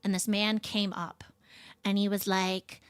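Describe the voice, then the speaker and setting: A young woman streamer chatting casually, telling stories in an animated, profane rant. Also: medium pitch, unhurried, smooth, no room sound. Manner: profane, ranting, animated storytelling. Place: home streaming setup.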